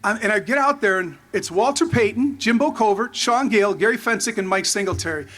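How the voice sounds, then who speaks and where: A man in his fifties giving a rambling, excited tribute speech full of anecdotes and restarts. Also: high-pitched, brisk. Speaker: former player giving a tribute. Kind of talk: storytelling speech at a memorial.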